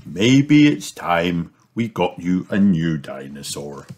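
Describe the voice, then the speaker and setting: A man voicing an easygoing father pig in a children's storybook read aloud, in a warm, chuckling voice close to his own. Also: low-pitched, sing-song, takes it slowly, exaggerated voice. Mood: jolly.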